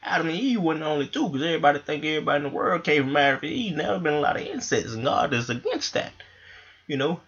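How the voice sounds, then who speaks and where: A man's voice: fairly high pitch, sing-song, quick pace, fairly bright tone, highs cut off. A man telling a rambling, profane comic story into a microphone. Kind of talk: comedic monologue.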